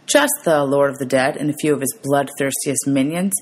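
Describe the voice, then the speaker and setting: A woman's voice: rumbling low, normal speed, slightly rough. A woman reading as a touchy young satyr. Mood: defensive. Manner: defensive, bleating retorts. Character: young male satyr, nervous, touchy best friend.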